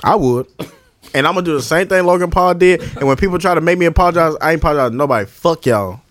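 Male podcast co-host, high and animated, trades crude jokes with friends. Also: quick pace, dry recording. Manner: joking, profane banter, laughs often. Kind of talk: casual chat.

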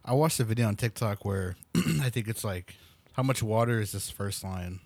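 A man's voice: fairly low pitch, normal speed, no room sound. A man interviewing a guest in a casual chat, mostly short replies. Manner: relaxed, brief backchannels.

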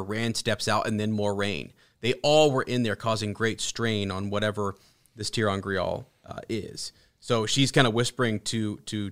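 A man hosting a casual book podcast, chatting in a rambling, halting way with many restarts. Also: fairly low pitch, fairly bright tone. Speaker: podcast host. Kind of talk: casual book discussion with read-aloud passages.

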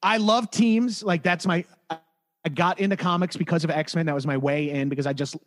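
A man co-hosting a casual movie podcast, talking excitedly and swearing often as he acts out lines from the film. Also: a little high, moderate pace. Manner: excited, profane, mimics lines. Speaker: podcast co-host.

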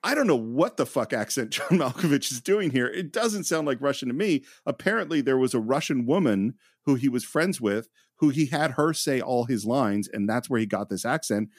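A man's voice: medium pitch, expressive, normal speed, few pauses, no room sound. A man co-hosting a film podcast, sharing his opinions with eager enthusiasm. His voice moves up and down freely, recorded close and dry. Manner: enthusiastic, laughs while giving opinions. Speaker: podcast co-host. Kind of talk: casual movie-review chat.

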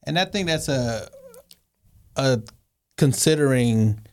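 A man on a Christian podcast, speaking haltingly as he searches for words. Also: medium pitch, expressive. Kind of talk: casual faith discussion.

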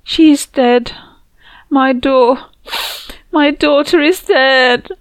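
A woman voicing a grieving mother who is crying, her words halting and broken. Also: mid-range voice, fairly even intonation, dark tone, dry recording, lightly acted. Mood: tearful grief. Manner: halting, broken sobbing speech. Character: grieving mother breaking down in tears.

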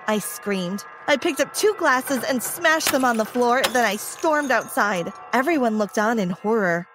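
A woman's voice: a little high, expressive, unhurried, few pauses, a bit bright, a little hiss or hum. A woman narrating a dramatic first-person story, emotional and acting out her own lines with big swings.

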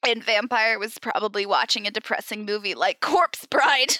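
A woman's voice: mid-range voice, moderate pace, sharp tone, no room sound. A young woman co-hosting a podcast, reading fan fiction aloud in a comic, dramatic way and often breaking into giggles.

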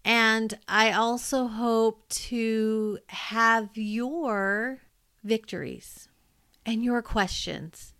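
A woman teacher telling a funny classroom story in an animated way, laughing as she goes. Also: a little high, drawn-out words, clear, resonant tone. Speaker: teacher and podcast co-host. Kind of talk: personal storytelling.

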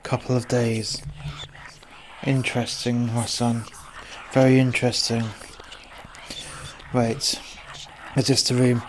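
A man playing a middle-aged exorcist priest who speaks slowly and softly, calling others "my son" and "my child", in an amateur comedy horror skit. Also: medium pitch, little pitch movement, noisy background, close to an everyday voice. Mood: solemn. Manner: slow, hushed, calls others "my son" and "my child".

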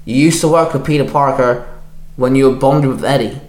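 A man's voice: mid-range voice, brisk, darkish tone, roomy sound, close to an everyday voice. A man voicing an urgent young superhero. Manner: urgent, barking. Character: quippy young male superhero.

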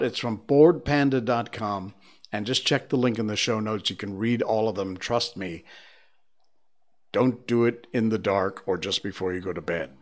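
A man hosting a livestream in casual chat, reading odd stories aloud with spooky asides. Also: mid-range voice. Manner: slow, animated reader with spooky asides. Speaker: livestream host.

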